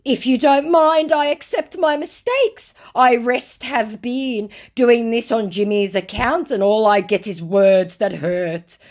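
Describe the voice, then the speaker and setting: A woman voicing a self-pitying male online scammer who begs in broken English, pitched high and slow. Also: big pitch swings, a little mellow. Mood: pleading. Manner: whiny, broken-English, begging.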